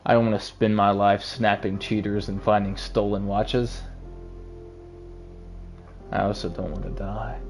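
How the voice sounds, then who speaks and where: A man reading the part of a weary, self-doubting animal detective as a quiet, brooding inner monologue. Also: on the low side, little pitch movement, a little slow, pauses often, faint music behind. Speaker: game voice-over reader. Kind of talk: reading a story game aloud.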